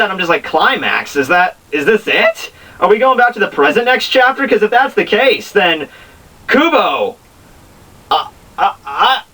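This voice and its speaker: Young man, zany rambling manga reviewer, high-pitched, slightly distant mic. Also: bright, forceful tone. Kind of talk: casual chapter review vlog.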